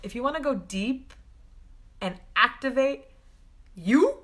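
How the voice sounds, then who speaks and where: A fairly bright, higher-pitched woman's voice at a normal speed. As a spiritual coach hosting a live stream, she chats to viewers affectionately and effusively, laughing a lot and wandering loosely through her thoughts with many fillers.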